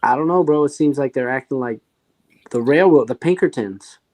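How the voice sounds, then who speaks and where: A man's voice: mid-range voice, moderate pace, darkish tone. A man in a casual chat, talking in an aggrieved, laid-back way and saying "dude" a lot. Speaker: podcast guest.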